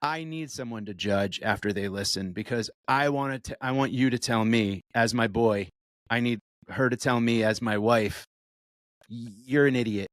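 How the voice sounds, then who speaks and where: A man's voice: medium pitch, moderate pace, fairly bright tone, no room sound. Profane, riffing comedian man on a podcast. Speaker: podcast co-host; stand-up comedian. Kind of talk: casual comedic chat.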